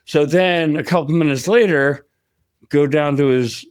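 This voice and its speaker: A man co-hosts a podcast in easy, unhurried chat. His voice is smooth and resonant and sounds dry and close. He tells his stories in a rambling way, often laughing along the way. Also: on the high side, fairly even intonation, dry recording. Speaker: podcast co-host.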